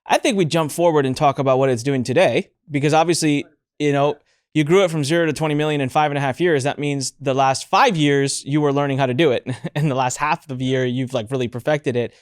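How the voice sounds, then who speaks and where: Upbeat podcast host, dry close sound. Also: male voice, on the high side, quick pace, clear, resonant tone, no room sound. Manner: energetic and upbeat, addresses listeners directly. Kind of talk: casual podcast interview.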